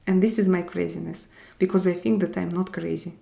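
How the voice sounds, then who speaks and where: A woman with a Russian accent chats her way through a live stream, answering viewers one comment after another. Her voice is dark and mellow, with a gravelly, creaky edge. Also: fairly low pitch, steady tone, brisk. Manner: chatty, answers viewers' comments, switches between languages. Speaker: live-stream host reading chat. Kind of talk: casual live-stream chat.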